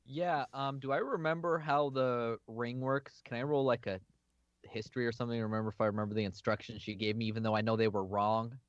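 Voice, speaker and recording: A man's voice: medium pitch, fairly even intonation, brisk, dry recording. A man playing a tabletop game, thinking aloud in a hesitant way, on a dull lo-fi stream recording. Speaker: player.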